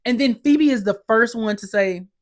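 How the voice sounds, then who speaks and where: A woman's voice: a little high, moderate pace. Sassy woman recapping a TV episode. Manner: sassy, animated, exasperated. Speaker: podcast host.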